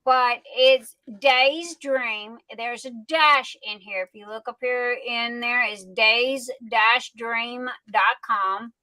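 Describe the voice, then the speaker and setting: A woman's voice: on the high side, slow, few pauses, sharp tone, rough recording. A woman hosting a casual live stream, chatting in a folksy way with lots of fillers and restarts. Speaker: livestream host.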